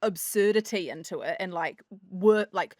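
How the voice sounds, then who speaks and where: A woman's voice: lowish voice, normal speed, a little mellow, no room sound, studio quality. A woman in her fifties with a New Zealand accent, co-hosting a podcast and explaining vocal technique in a coaching way. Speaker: podcast co-host. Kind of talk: casual chat.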